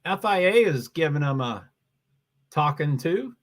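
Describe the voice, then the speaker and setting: A man's voice: a little high, big pitch swings, unhurried. A man hosting a live stream, giving casual commentary on a race and chatting with viewers in a rambling, self-interrupting way. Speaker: livestream host.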